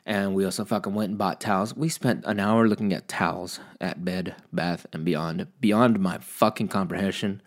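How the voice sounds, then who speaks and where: Deep-voiced man, casual rambling vlog monologue, lots of swearing, self-mocking. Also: steady tone, normal speed, few pauses. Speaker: vlogger.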